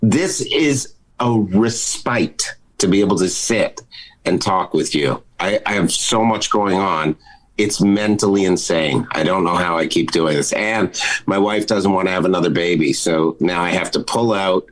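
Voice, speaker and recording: A man, a comedian guest on a video call, riffing crude deadpan bits and jumping into high-pitched put-on voices. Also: unhurried, poor audio. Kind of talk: riffing comic banter.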